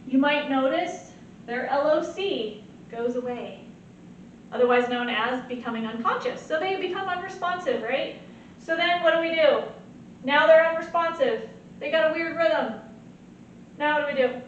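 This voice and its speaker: High-voiced woman teaching in an echoey room. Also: slight background noise. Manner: animated, asks "right?" often. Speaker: nursing instructor. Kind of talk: recorded lecture. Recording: very echoey, distant, muffled.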